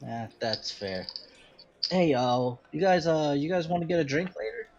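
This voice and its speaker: A man's voice: on the high side, lively intonation, moderate pace, gravelly, a little mellow. A man playing a tabletop game, friendly and joking. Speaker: player. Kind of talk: casual tabletop play. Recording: dull lo-fi audio.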